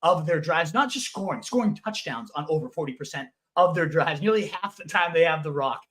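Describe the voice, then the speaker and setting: High-voiced excitable fantasy football co-host. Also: male voice. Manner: emphatic, swears for emphasis, quick bursts of excitement. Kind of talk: casual sports analysis chat.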